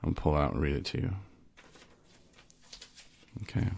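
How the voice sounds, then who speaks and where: A man's voice: very deep voice, a little fast, vocal fry, a little mellow, slightly rough. A man co-hosting a casual podcast about recovery, joking and rambling, often cutting himself off mid-thought. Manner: joking, rambling, self-interrupting. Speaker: podcast co-host.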